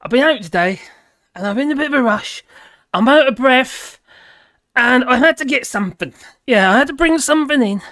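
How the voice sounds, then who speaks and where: A woman's voice: sits high, animated, quick pace, a bit bright. An older woman, hosting a live stream and chatting casually with viewers in a rambling, jokey, cheeky way.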